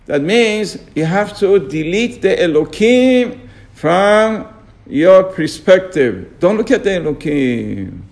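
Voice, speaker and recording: A man's voice: high voice, sing-song, slow, vocal fry, darkish tone. A man teaching a Torah lesson on the radio, emphatic, acting out people's complaining questions.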